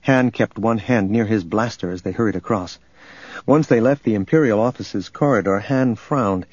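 Husky guy narrating an audiobook, steady even delivery, dull lo-fi recording. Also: on the low side, normal speed, dry recording. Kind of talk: scripted narration.

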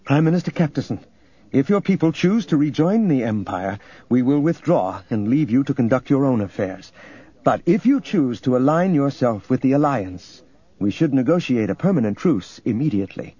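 A man voicing a firm, commanding young princess in an audiobook reading, with a measured, formal delivery. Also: medium pitch, sing-song, dark tone, slightly rough, dull audio.

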